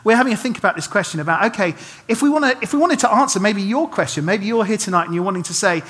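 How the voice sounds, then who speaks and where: A man's voice: high voice, expressive, fast talker, a bit bright. A middle-aged man, preaching a chatty, self-deprecating sermon full of humorous asides and restarts. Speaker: pastor. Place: church hall. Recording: long reverb of a church hall.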